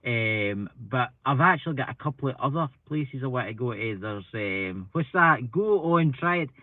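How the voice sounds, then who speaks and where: An expressive, mid-range male voice at normal speed belongs to a Scottish streamer on a paranormal channel, chatting in a rambling, self-mocking way with hay fever stuffiness. There's no room sound; the computer mic gives a dry, tinny, phone-like tone.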